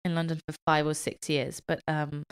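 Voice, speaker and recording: A young woman from Italy, a native Italian speaker, co-hosting a radio show and telling a lively personal anecdote with frequent laughs. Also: deep voice, moderate pace, clear, resonant tone. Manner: animated storytelling, laughing often. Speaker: co-host. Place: radio studio.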